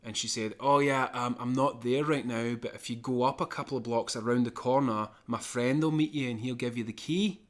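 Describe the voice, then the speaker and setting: A man co-hosting a podcast, telling a long personal anecdote in an animated, chatty way and chuckling now and then. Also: medium pitch, brisk, few pauses. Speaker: podcast co-host. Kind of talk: casual storytelling.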